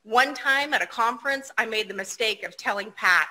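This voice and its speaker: Bright-voiced woman giving a video-call speech. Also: fairly high pitch, moderate pace, low-quality recording. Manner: personable, lightly self-deprecating. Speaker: outgoing association president.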